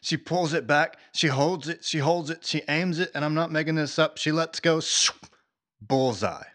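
A man hosting a faith talk, telling a story in a lively, conversational way with casual fillers. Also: on the high side, moderate pace. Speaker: faith podcast host.

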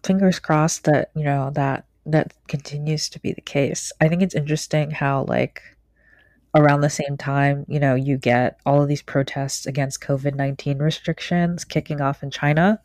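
A woman's voice: low-pitched, steady tone, normal speed, darkish tone, dry recording. A woman co-hosting a casual podcast chat about astrology, laid-back and hesitant, trailing off with fillers. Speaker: podcast co-host.

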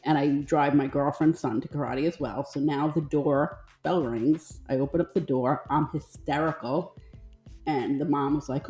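A middle-aged woman co-hosting a casual chat show, telling a story in a lively way and acting out the voices of the people in it. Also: low voice, moderate pace, soft background music. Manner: animated storyteller, acts out quoted voices. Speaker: podcast co-host.

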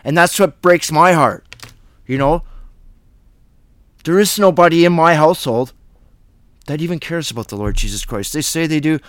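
A man's voice: on the high side, moderate pace, pauses often, a bit bright, dry recording. A man hosting a Bible study, preaching in a blunt, fiery, plain-spoken way.

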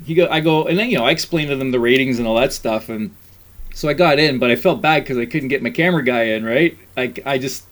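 A middle-aged man telling stories in a casual chat, animated, laughing often and acting out what people said. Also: mid-range voice, quick pace.

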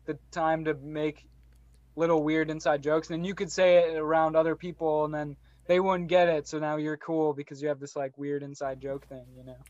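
A young man chatting casually on a podcast, reflective and a little rambling, with a slightly higher voice than most men. The sound is dry and a touch dull, as if from a modest home mic. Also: level tone, moderate pace, darkish tone, dry recording. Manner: rambling, reflective, laughs often. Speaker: podcast co-host. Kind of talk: casual chat.

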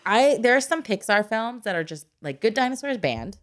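Woman, adoptive mom, podcast host, expressive storyteller with a lively, swooping pitch. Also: a little fast, hardly any pauses. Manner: animated storyteller who acts out quotes in exaggerated voices and laughs often. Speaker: adoptive mother. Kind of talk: casual chat.

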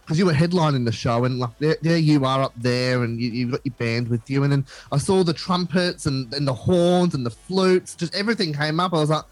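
A man's voice: fairly high pitch, fairly quick, few pauses, dry recording, low-quality recording. A man hosting a radio interview, effusive and gushing with praise for his guests. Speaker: radio host.

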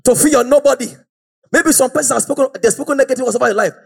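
A man preaching a fiery, exhorting sermon and often shouting out to the congregation. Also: extremely high pitch, racing, gravelly.

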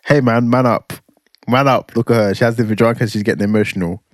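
A man in his thirties talks in a relaxed, teasing way, slipping dry jokes into fond chat. His voice sits at a middle pitch and sounds close and dry, with no room echo. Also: fast. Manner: joking, teasing, dry humour. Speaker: podcast co-host. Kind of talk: casual chat.

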